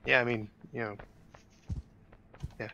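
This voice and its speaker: Bright-toned guy just chatting on a podcast, kinda laid back and jokey. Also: medium pitch, little pitch movement, measured pace, gravelly, highs cut off, a little hiss or hum. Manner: laid-back, joking, trails off. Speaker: podcast co-host. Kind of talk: casual group chat.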